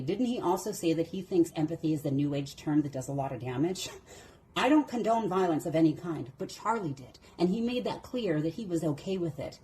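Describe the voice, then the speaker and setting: A woman answering clips with mocking, sarcastic commentary. Her voice is a little low and mellow, over a faint noise floor. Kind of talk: reaction commentary.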